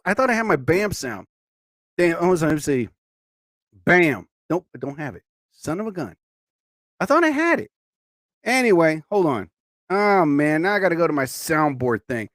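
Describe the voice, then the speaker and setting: A man's voice: fairly high pitch, normal speed, long pauses, no room sound. Jokey guy on a live stream, voice jumps all over, dry close mic. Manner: animated, jokey, talks to chat, shouts catchphrases. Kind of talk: casual live stream chat.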